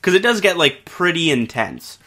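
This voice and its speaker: A man's voice: fairly high pitch, big pitch swings, moderate pace, pushed and bright. A man co-hosting a podcast, telling a ghost story in casual chat, rambling with lots of fillers and swearing. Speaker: podcast co-host.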